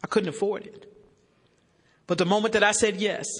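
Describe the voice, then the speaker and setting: A woman's voice: mid-range voice, steady tone, moderate pace. A woman speaking at a recovery meeting, telling her own story with folksy, self-mocking humor and addressing the crowd directly. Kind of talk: humorous personal testimony to a crowd. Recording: long reverb of a large hall.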